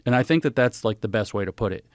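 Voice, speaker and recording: A man's voice: fairly low pitch, fast talker, dry recording, studio quality. Emphatic man explaining on a podcast. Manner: emphatic, animated, cites sources. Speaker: podcast guest. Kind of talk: conversational explanation.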